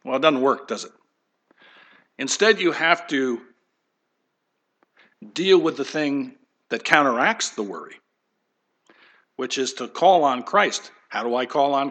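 A pastor preaching a conversational sermon, animated and folksy, acting out the voices he quotes. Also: medium pitch.

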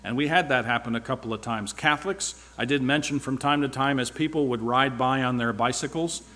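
A man's voice: medium pitch, fairly quick, pushed and bright. A man speaking at church, giving a rambling, informal sermon-style report with wry asides.

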